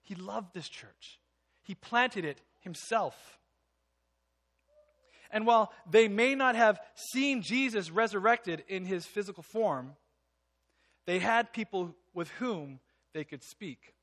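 Bright, high-voiced male preacher. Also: animated, slow, pauses often. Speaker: pastor. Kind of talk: sermon.

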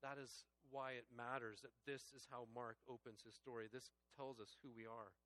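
A male pastor preaching a sermon, earnest and personal, moving between hushed reflective passages and raised, emphatic preaching. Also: mid-range voice, steady tone, normal speed, dry recording. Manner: earnest and personal, addressing listeners as friends.

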